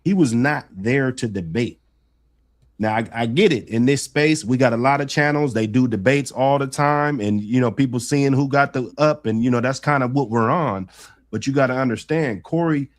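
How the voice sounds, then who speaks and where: A man on a casual livestream panel, making his case in a measured way and often adding "you know". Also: mid-range voice.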